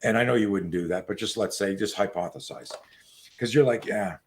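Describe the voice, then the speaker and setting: A man in his sixties, a self-defense coach telling stories as an interview guest, animated and profane, on a video call. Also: fairly low pitch, a little fast, slight background noise. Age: 60s. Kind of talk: casual interview storytelling.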